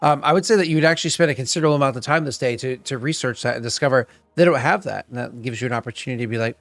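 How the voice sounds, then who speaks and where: A man's voice: medium pitch, very fast, hardly any pauses, a bit bright, no room sound, soft background music. A man acting as game master of an online tabletop game, laughing often and stammering through restarts.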